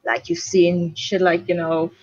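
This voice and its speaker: A woman's voice: fairly low pitch, completely flat delivery, unhurried, breathy edge, no room sound. A woman from Switzerland with a Swiss German accent, chatting casually and swearing freely on a late-night stream. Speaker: stream co-host. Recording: dull, lo-fi stream audio.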